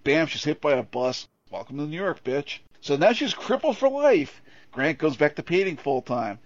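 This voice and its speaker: A man's voice: mid-range voice, dry recording, muffled recording. A man co-hosting a casual film review podcast, sardonic, opinionated and freely profane. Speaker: podcast co-host.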